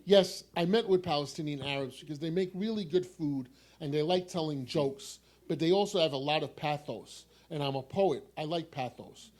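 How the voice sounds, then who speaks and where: A man's voice: fairly high pitch, normal speed, few pauses, a little mellow. A man with a New York accent from New York City, reading his own poem aloud with a wry, repeating refrain. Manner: wry, repetitive refrain delivery. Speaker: poet. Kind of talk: poetry reading.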